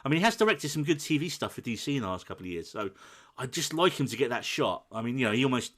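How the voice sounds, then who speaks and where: A man co-hosting a film podcast, telling a scene with lively, acted-out quotes. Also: medium pitch, fast talker. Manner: animated storytelling, acts out quoted lines. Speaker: podcast co-host. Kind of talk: casual film chat.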